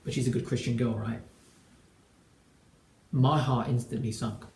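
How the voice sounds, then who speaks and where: A man's voice: medium pitch, steady tone, measured pace, gravelly, a little mellow, slight background noise. A man in his twenties, a relationship coach, telling a personal story to camera in an earnest, emphatic way. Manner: earnest and emphatic, acts out quoted dialogue. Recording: echoey room.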